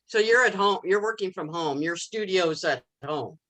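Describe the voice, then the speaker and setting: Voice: medium pitch, normal speed, fairly bright tone. A coach chatting on a video call, playful and joking. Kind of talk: casual chat.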